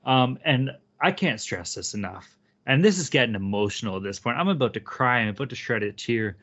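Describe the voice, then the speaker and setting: A man's voice: mid-range voice, animated, a little fast, a bit bright, highs cut off. A man co-hosting a sports betting podcast, casual, profane and hyped as he talks. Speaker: podcast co-host.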